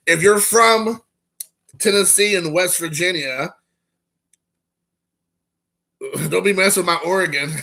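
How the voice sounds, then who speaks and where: A man's voice: sits high, creaky, sharp tone. A man, hosting a rambling, joking live stream and chatting with viewers. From Kentucky. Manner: rambling, joking, reading chat aloud.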